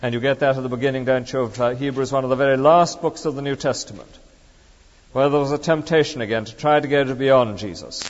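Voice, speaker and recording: A fast-talking man with a medium-pitched voice preaches a sermon, firing emphatic rhetorical questions at the congregation. The recording is dull and lo-fi, with long reverb.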